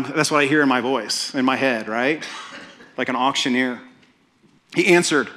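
A pastor with a voice on the high side preaches a sermon in a conversational, animated storytelling style. He often restarts his phrases.

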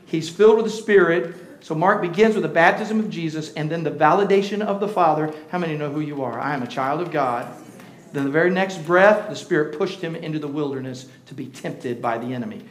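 A high-pitched male pastor delivers a sermon in a roomy, echoing church. He swings from quiet, hushed asides to loud, shouted declarations.

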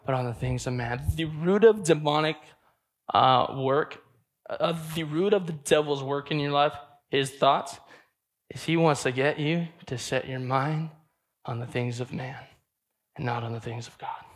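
A man's voice: fairly high pitch, unhurried. A man preaching a sermon in a casual, emphatic way, often restarting his sentences.

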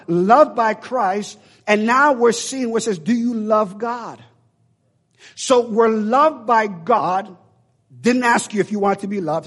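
A man's voice: high voice, fairly bright tone. A man preaching a sermon in an emphatic, repetitive, preacherly way.

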